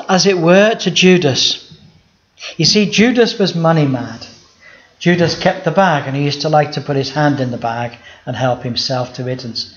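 A man's voice: a little high, fairly bright tone. A man, a pastor giving a sermon in a conversational style, often asking the audience rhetorical questions. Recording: dull lo-fi sound.

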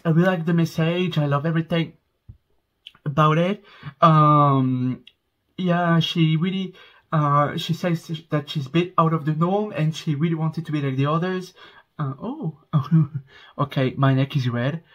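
A man's voice: on the high side, steady tone, a little slow, a bit bright, muffled recording. A man hosting a casual music reaction vlog from home, effusive and easily moved, gushing about the song. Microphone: headphones on, speaking to camera.

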